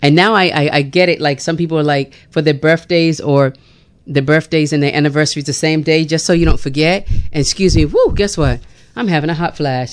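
A woman's voice: on the low side, animated, fairly quick. A middle-aged woman hosting a chatty radio show, laughing often between prayers and callers. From Bermuda. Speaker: radio host. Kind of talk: casual radio chat and prayer.

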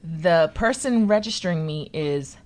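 A woman telling a story in a relaxed chat, lively and playful, acting out the people she talks about. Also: fairly low pitch, unhurried. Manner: lively, animated, acts out voices in her story.

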